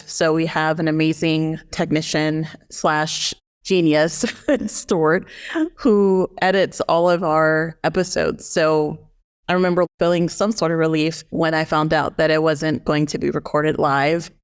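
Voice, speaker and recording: A woman nurse co-hosting a podcast, chatting in a relaxed way and laughing easily. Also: deep voice, unhurried, smooth. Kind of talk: casual podcast chat.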